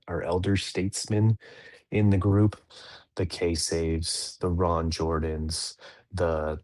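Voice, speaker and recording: In a dry recording, a man in his thirties with a low, darkish voice hosts a podcast for dads. He works through a daily reading in casual, reflective chat, rambling and correcting himself as he goes.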